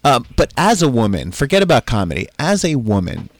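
A man's voice: mid-range voice, big pitch swings, fairly quick, no room sound. Man hosting a casual interview. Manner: conversational, interjects and sums up. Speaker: podcast host.

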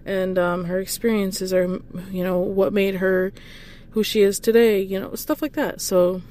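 A woman talks on her own podcast in a loose, rambling way, turning goofy and playful as she hypes up her listeners. Her voice has a mellow, relaxed tone. She showers the audience with encouragement. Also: mid-range voice, measured pace. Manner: affectionate, encouraging. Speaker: podcast host. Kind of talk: casual motivational monologue.

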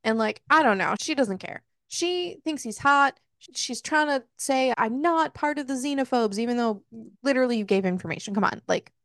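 A woman's voice: on the high side, animated, moderate pace, a bit bright, no room sound, studio quality. A woman hosting a book club podcast, casually retelling a story with swearing and jokes. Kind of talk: casual book recap chat.

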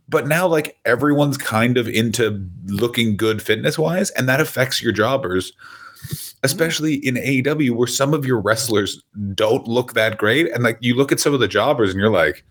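A young man co-hosting a comedy podcast, rambling through deadpan, absurd jokes. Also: medium pitch, moderate pace, husky. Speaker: podcast co-host. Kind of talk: casual comedic chat.

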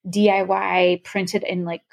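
A woman's voice: lowish voice, flat delivery, takes it slowly, vocal fry. A young adult woman explaining a topic to a co-host in casual podcast talk, full of "um" and "like". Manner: chatty, many fillers like "um" and "like".

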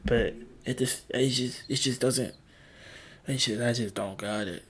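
A man's voice: mid-range voice, fairly even intonation, unhurried, very noisy. A young man hosting a podcast, rambling in casual chat with frequent stammering restarts. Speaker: podcast host.

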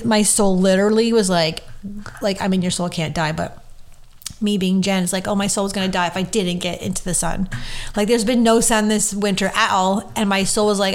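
A woman hosting her own podcast, talking in a rambling, chatty way with lots of "like" and "right?". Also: medium pitch. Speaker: podcast host. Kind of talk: casual solo podcast chat.

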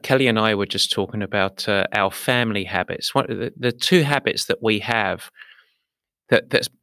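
A man's voice: medium pitch, sharp tone, no room sound, clean studio sound. A man with an English accent hosting a podcast, chatting casually and often repeating words as he thinks. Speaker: podcast host. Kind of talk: casual conversational interview.

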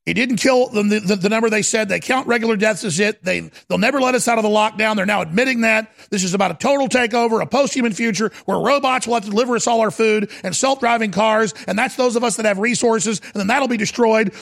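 A man's voice: high voice, fast talker, gravelly, few pauses, a bit bright. A man delivering an urgent, ranting monologue, repeating phrases for dramatic effect. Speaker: commentator. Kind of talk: impassioned monologue.

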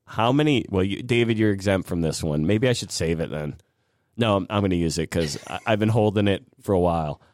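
A male podcast host chats casually and laughs often as he tells stories. His voice is lower than average. The sound is dry and close. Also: brisk, a little mellow, no room sound. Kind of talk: casual chat.

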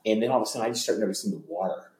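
A man's voice: lowish voice, a little hiss or hum. Guy hyped up telling old tour stories, rambly, lots of likes, roomy echo. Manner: animated, fast, lots of fillers and restarts, acts out voices. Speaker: interview guest, former tour hypeman. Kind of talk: casual storytelling.

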